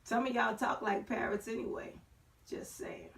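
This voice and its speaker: A woman hosts a casual online talk show, riffing in playful slang with sassy asides. Her voice sits high and bright. She sounds a touch distant from the microphone. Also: big pitch swings, moderate pace, gravelly. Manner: sassy, playful slang, sings and shouts for effect.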